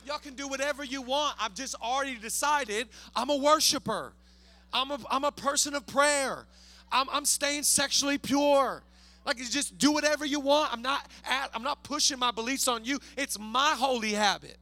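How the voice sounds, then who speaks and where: A male pastor with a high, very bright voice delivers an energetic sermon. He swings from hushed, casual asides to loud, soaring climaxes. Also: moderate pace. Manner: acts out biblical characters in casual slang voices. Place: church sanctuary.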